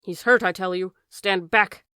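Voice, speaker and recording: A woman voicing a desperate male doctor who shouts urgent commands at a crowd during a struggle. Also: mid-range voice, fairly even intonation, measured pace, clear, resonant tone, no echo, clean studio sound. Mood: urgent shouting.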